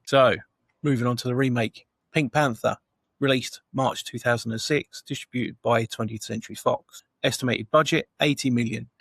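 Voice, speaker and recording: A man's voice: medium pitch, steady tone, moderate pace, gravelly, fairly bright tone, breathy edge, no room sound. A man co-hosting a casual film review podcast, steadily reading out film facts and questions. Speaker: podcast co-host.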